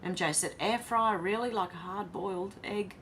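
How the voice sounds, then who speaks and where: A woman's voice: medium pitch, normal speed, a bit bright, slight background noise. An Australian woman hosting a casual livestream, reading viewer comments aloud and chatting back between them. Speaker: livestream host.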